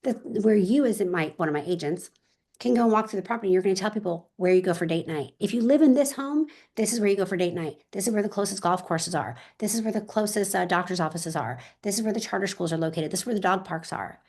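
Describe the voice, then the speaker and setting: Animated woman real estate agent. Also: mid-range voice, fast talker, slightly rough. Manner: animated, emphatic, talks straight to listeners. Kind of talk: interview, energetic storytelling.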